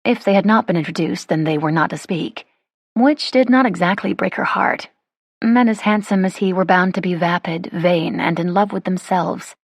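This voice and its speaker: A woman reads an audiobook in a measured, wry way. Her voice is low and husky. It is close-miked and dry, with no room sound. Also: no room sound. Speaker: audiobook narrator. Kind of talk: scripted narration.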